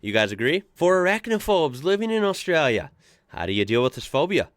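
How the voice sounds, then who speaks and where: A man's voice: fairly high pitch, big pitch swings, a little fast, dry recording. Chatty American man reacting to posts. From United States. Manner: chatty, amused, reads posts aloud with asides. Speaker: host reacting to online posts. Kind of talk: casual commentary.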